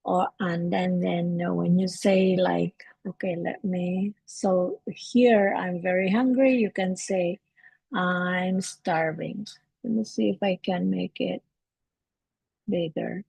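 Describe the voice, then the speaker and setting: A woman hosting a live English lesson from home, talking in a relaxed, halting way with many fillers and restarts. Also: lowish voice, gravelly, slightly rough, no echo, rough recording. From Canada. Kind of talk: casual livestream teaching.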